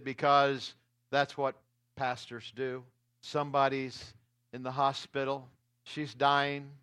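A man, a pastor, preaching a sermon to his congregation, swinging between loud, urgent lines and hushed ones. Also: sits high, smooth.

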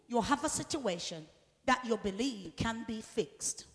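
A woman's voice: a little high, expressive, measured pace. Impassioned woman preaching in a reverberant hall. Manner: impassioned call-and-response, builds to shouted peaks. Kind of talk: sermon. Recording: long reverb of a large hall.

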